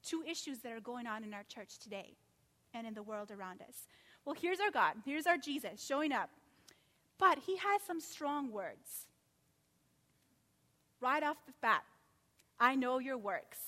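A woman preaching a sermon, animated and full of rhetorical questions, acting out quotes as she goes. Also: sits high, moderate pace, pauses often, long reverb tail.

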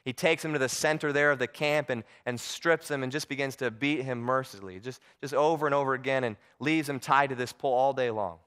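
A male preacher tells a story from the pulpit in an earnest, halting way, often repeating his words. His voice is smooth and resonant, pitched in the middle range. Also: fairly bright tone. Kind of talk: sermon storytelling.

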